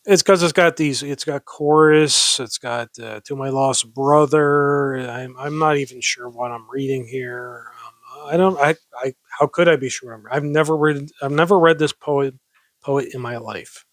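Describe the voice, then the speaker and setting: A man's voice: medium pitch, measured pace, no echo. Self-mocking man reading old poems. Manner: self-mocking, giggly, rambling asides. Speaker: amateur poetry reader. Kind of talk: casual poetry reading with asides.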